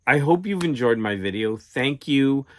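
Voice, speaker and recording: A man's voice: medium pitch, animated, moderate pace, a bit bright. A man hosting his own channel, telling a long exasperated story in a casual, rambling rant with many restarts. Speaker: channel host. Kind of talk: casual ranting vlog.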